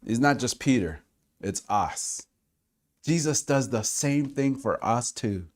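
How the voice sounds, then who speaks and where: A man preaching a sermon, swinging between loud exclamations and hushed, quiet stretches. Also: mid-range voice, animated, takes it slowly. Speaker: pastor.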